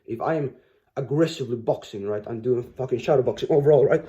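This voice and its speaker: A man's voice: mid-range voice, fast talker, warm tone, muffled recording, a little hiss or hum. A man giving a rambling, profane motivational monologue to camera, with many restarts and fillers. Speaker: motivational vlogger.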